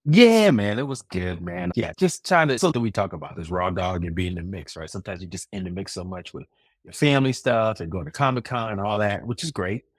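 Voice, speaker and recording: A man's voice: on the low side, lively intonation, fairly quick, no room sound, studio quality. A man co-hosting a podcast in casual chat, reflective and rambling, laughing often. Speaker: podcast co-host.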